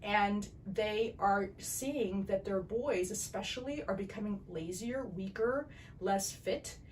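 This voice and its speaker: A woman's voice: mid-range voice, far from the mic, a little hiss or hum, rough recording. A woman eye doctor hosting a casual podcast interview, talking in a chatty, rambling way and laughing easily. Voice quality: chatty, digressive, quick to laugh.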